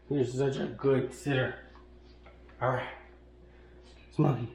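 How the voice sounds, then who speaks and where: A man casually vlogging through a camera review, chatty and relaxed and laughing easily, recorded on a built-in action camera mic. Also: mid-range voice, takes it slowly, long pauses. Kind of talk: casual vlog chat. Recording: noisy outdoor action-camera audio.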